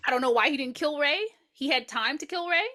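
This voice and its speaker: A woman's voice: high-pitched, normal speed, pushed and bright. A woman co-hosting a podcast, chatting and laughing as she retells a movie scene with asides. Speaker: podcast co-host. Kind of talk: casual chat recapping a movie.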